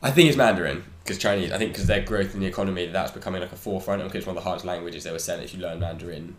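A young man from England hosting a casual podcast chat, slangy and quick to laugh. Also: low-pitched. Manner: chatty, slangy, laughs often. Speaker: podcast host. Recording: echoey room with faint ambient noise.

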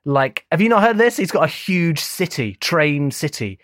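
A man co-hosting a casual podcast, talking in an animated, enthusiastic way. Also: on the high side, normal speed, no echo, clean studio sound. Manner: animated, enthusiastic, laughs often. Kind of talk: casual chat.

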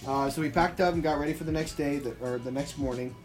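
A man's voice: a little high, quick pace, faint music behind. A young man telling friends about a camping trip in a chatty way, laughing as he goes. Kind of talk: casual storytelling with friends.

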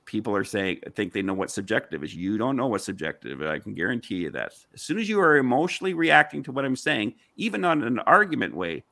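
A man pressing his point in a heated online discussion, his voice gravelly and full of swings in pitch. He talks insistently and piles up rhetorical questions. The sound is close and dry. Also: very animated, fast, few pauses, sharp tone, no echo.

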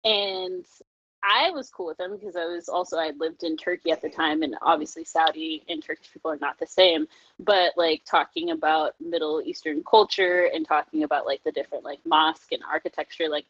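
A young adult woman chatting casually, telling her own stories in an animated, profane way, full of "like" and quick laughs. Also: sits low, no echo. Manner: animated, profane, heavy use of "like", laughs often. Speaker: guest telling personal stories. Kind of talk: casual chat. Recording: dry, slightly muffled lo-fi recording.

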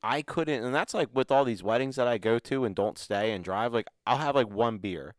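A man's voice: mid-range voice, normal speed, dry recording. A man co-hosting a casual podcast, talking in a laid-back, profane way and chuckling often. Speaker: podcast co-host. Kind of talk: casual chat.

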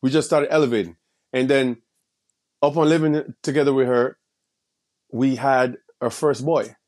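A man's voice: mid-range voice, steady tone, normal speed, darkish tone. A man telling a personal story in casual street slang, rambling, with many restarts and repeated phrases. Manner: heavy street slang and swearing.

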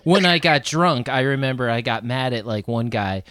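A man's voice: mid-range voice, expressive, moderate pace, fairly bright tone, no room sound, clean studio sound. Jokey man with a bouncy voice. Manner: jokey, slips into mock voices. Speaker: podcast co-host. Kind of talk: casual chat, storytelling.

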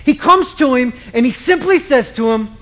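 A man preaching a sermon, telling a story dramatically with emphatic pauses and repetition. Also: extremely high pitch, expressive, fairly bright tone.

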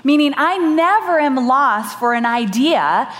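A woman with a high, bright voice tells a story from the stage, lively and quick to laugh. Her words ring out with a long hall echo around them. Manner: animated, laughing storyteller with dramatic quoted voices. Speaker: podcast host giving a conference talk. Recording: live talk with long hall reverb.

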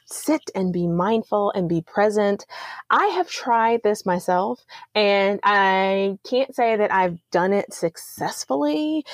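A woman's voice: mid-range voice, no echo. A woman hosting an interview, asking curious questions and laughing easily. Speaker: host. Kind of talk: conversational interview.

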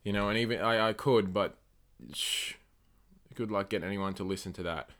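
A man hosting his own solo podcast, rambling and swearing through rants that flare up loud and high when he gets angry. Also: normal speed. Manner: rambling, profane, ranting. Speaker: podcast host.

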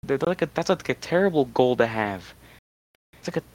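A man's voice: medium pitch, expressive, a little fast, darkish tone, no echo, rough recording. A young man hosting a casual podcast, rambling with many restarts and fillers. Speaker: podcast host. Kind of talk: casual chat.

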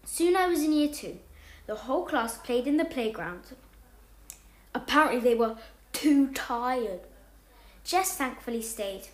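Bright-voiced woman reading a story, echoey room. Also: unhurried. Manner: animated, jumps up in pitch and loudness for dialogue. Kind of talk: reading a homemade story aloud.

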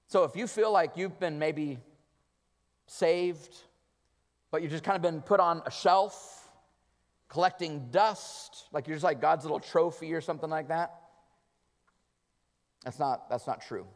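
A male pastor delivering an earnest sermon, moving between loud emphatic lines and soft, hushed passages. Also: fairly high pitch, slow, pauses often. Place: church sanctuary. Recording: long reverb of a church hall.

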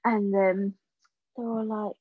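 A young woman chatting casually as a podcast guest, telling animated stories and acting out what people said. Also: medium pitch, slow pace, dry recording. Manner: animated storyteller, acting out quotes. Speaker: podcast guest, stage actress. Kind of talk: casual chat. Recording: dull lo-fi sound.

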